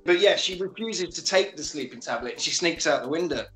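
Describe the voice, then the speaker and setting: A man with a slightly high voice tells the film's story casually, swearing and acting out lines. His voice rings in a roomy, echoey space over faint music. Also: lively intonation, a little fast, fairly bright tone. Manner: retells scenes with acted-out quotes and swearing. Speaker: podcast host recapping a film. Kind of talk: casual film recap chat.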